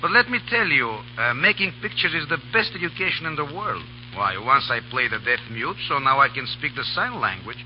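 A playful man jokes in broken English with a lively, swinging pitch. The sound is dull and lo-fi, like a 1930s radio broadcast. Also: fairly quick, few pauses, soft background music. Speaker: actor, guest. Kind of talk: comic radio banter.

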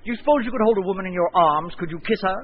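A man's voice: high-pitched, very fast, slight background noise, lightly acted. An actor playing a pompous, affected male film director in a radio drama. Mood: coaxing. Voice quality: affected, theatrical. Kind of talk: 1930s radio acting. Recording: dull old radio broadcast.

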